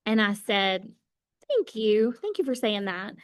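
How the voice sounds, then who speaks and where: A woman's voice: medium pitch, sing-song, a little slow, smooth, no room sound, clean studio sound. A woman giving an emphatic motivational talk to her sales team, repeating phrases for effect.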